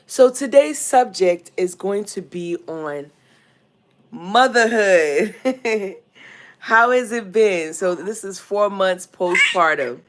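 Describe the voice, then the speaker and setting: This livestream host is a young woman from Nigeria whose Nigerian accent colors her casual chatter from home. Her pitch is medium, and she calls out viewers by name as she talks.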